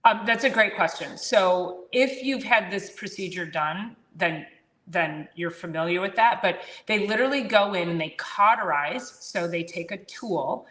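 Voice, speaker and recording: A woman in a casual health chat, telling a story about a patient with lively swings in her voice and acting out each side of the dialogue. The sound is roomy, with clear echo around her voice. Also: fairly low pitch, measured pace. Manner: animated, acts out both sides of a conversation. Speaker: chiropractor and podcast host.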